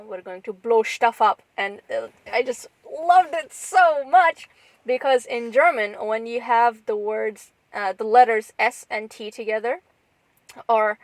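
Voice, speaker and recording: On a rough recording with no echo, a woman with a medium-pitched voice co-hosts a podcast. Her casual chat rambles, full of restarts and fillers.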